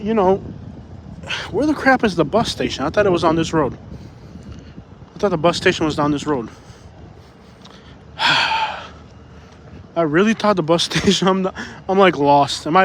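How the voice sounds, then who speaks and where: A man's voice: on the high side, animated, moderate pace, long pauses, a bit bright, a little hiss or hum. Rambling man streaming while walking. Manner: rambling, repeats himself, reads chat aloud. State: out of breath from walking. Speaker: live-stream vlogger. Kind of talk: casual live-stream walking commentary. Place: outdoors on city streets.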